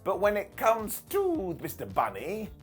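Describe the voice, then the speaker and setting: A British man casually reviewing a wrestling show as its regular host, joking and putting on quick mock voices. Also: sits high, soft background music. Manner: animated, jokey, mock voices for quotes.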